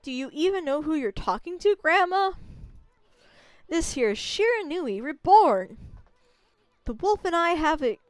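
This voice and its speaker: A woman's voice: high-pitched, sing-song, measured pace, long pauses, no room sound, pitched above the performer's own voice. A woman voicing a tiny, cocky male sprite sidekick who talks in a brash, boastful, teasing way.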